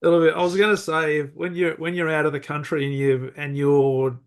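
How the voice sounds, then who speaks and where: A man's voice: a little high, flat delivery, a little fast, clear, resonant tone. A man with an Australian accent hosting a podcast interview, upbeat and welcoming, often restarting his sentences. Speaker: podcast host.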